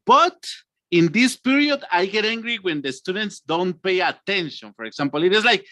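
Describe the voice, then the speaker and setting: A man, teaching an online English lesson, acting out emotions and stretching words slowly. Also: high-pitched, expressive, pushed and bright, dry recording.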